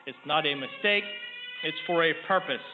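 A middle-aged man delivers a sermon in a steady, earnest way, lifting his voice whenever he reads scripture. His voice sits a little high for a man. The sound is thin and phone-like, with a long reverb trailing through a church sanctuary. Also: normal speed. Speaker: preacher. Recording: tinny lo-fi sound in a long-echo hall with faint noise.

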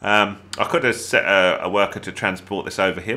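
A man with an English accent, talking through a casual gameplay tutorial in a chatty, excitable way with jokey asides. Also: low-pitched, brisk. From England. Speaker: gaming YouTuber.

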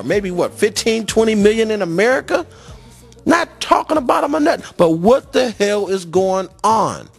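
Agitated, profane man ranting. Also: high-pitched. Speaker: street interviewee. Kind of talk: impassioned street rant.

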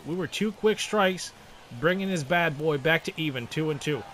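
A young man commenting on his own baseball video game play, excitable and self-mocking, laughing at his mistakes. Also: a little high, normal speed, a little hiss or hum. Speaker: gaming video host. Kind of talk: gameplay commentary.

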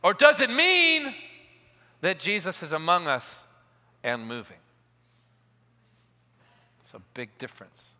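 A man preaching a live church sermon. He moves from quiet asides to loud, emphatic declarations and leads the congregation in call-and-response. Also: high voice, wildly swooping pitch, takes it slowly, pauses often. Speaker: pastor. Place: large church hall at a live service. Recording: long reverb of a large hall.

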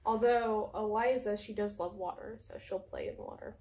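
A woman librarian reading a picture book aloud slowly and coaxing her pets in a gentle voice. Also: medium pitch, fairly even intonation. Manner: slow, drawn-out reading of the story lines. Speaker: children's librarian.

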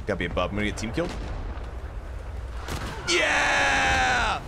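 Excitable man commentating gameplay over gunfire. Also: fairly low pitch, very fast, very noisy. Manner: excitable, swearing, jokey, big swings between yelling and mumbling. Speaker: gaming YouTuber. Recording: game gunfire and explosions behind the voice.

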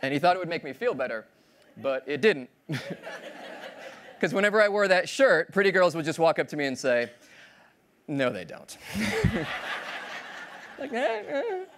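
A man's voice: high voice, big pitch swings, normal speed, long pauses, background noise. A man giving a playful keynote talk on stage, acting out little scenes and voices. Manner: playful, acts out voices of others. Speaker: keynote speaker. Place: large conference hall stage.

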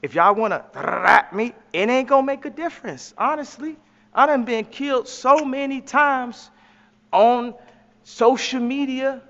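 A man's voice: extremely high pitch, unhurried, fairly bright tone, in a large hall, highs cut off. A man speaking as an interview guest in a slangy, emphatic, preachy way. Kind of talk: impassioned preachy talk.

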